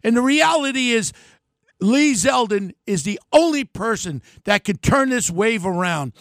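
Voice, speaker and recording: High, gravelly older man ranting. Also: big pitch swings, moderate pace, dry recording, clean studio sound. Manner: yelling, ranting, name-calling. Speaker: political commentator. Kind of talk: fiery political rant.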